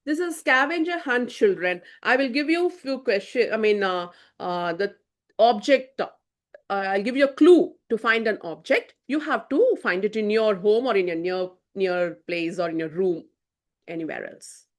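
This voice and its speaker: A woman storyteller narrating a funny children's story and running an activity, with animated exclamations, over a video call. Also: mid-range voice, moderate pace.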